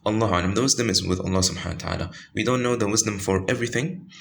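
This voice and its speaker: Tajweed teacher, man, very low voice, halting delivery full of fillers, faint room hum. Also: creaky, a bit bright. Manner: halting, many fillers and self-corrections. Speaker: Quran recitation teacher. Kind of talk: informal tajweed lesson with screen pointing.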